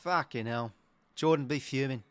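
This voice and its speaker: An Australian man hosting a live football watch-along, talking as an excitable, sweary fan who reacts to each play. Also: medium pitch, moderate pace, dry recording. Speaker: host.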